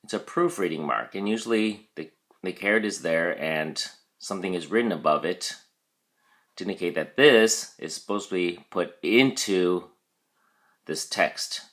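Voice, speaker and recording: A man teaching a recorded vocabulary lesson, explaining patiently, checking in with "okay" and modeling syllable stress slowly. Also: low-pitched, expressive, fairly bright tone.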